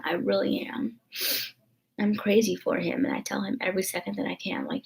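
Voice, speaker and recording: A woman's voice: mid-range voice, steady tone, brisk, vocal fry, darkish tone. A young woman vlogging in a rambling, emotional, confessional way, full of fillers. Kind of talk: casual confessional vlog chat.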